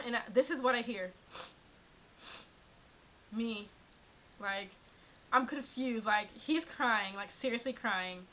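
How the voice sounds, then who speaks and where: Rambling young woman, lo-fi webcam sound. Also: on the high side. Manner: rambling, frequent restarts and "like", shaken but laughing. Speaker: vlogger. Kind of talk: casual vlog storytelling. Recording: dull lo-fi webcam audio.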